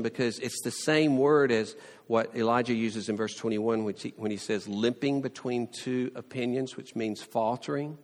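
Animated male preacher in a reverberant hall. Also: medium pitch. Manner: animated, playful storytelling with sarcastic asides. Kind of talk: sermon.

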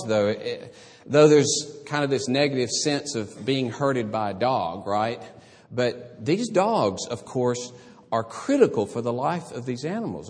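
A man preaching a sermon from the pulpit. His pitch rises and falls a great deal, and he slips into humorous asides between the points. His voice carries a long hall reverb. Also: a little mellow. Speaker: pastor.

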